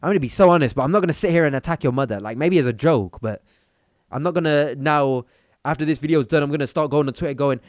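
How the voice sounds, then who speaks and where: A man's voice: fairly high pitch, fast, no room sound, studio quality. A young man hosting a commentary video, talking bluntly and mockingly in a rant. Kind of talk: reaction commentary.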